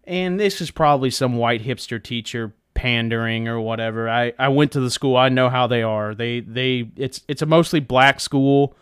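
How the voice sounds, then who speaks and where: A man's voice: mid-range voice, normal speed, few pauses, fairly bright tone, smooth. A young man giving a heated, profane, rambling monologue, full of fillers and restarts. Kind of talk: casual ranting monologue.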